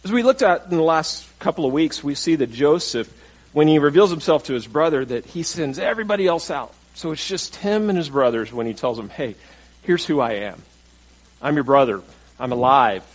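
A male pastor with a slightly high voice, captured in a low-quality recording, preaches a conversational sermon. He asks the congregation questions and acts out the quotes of the people in the story.

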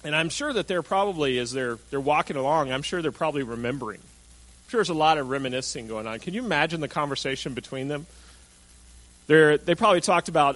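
Pastor, male, somewhat high voice, storytelling sermon delivery, acts out quoted lines. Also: quick pace, a bit bright, poor audio.

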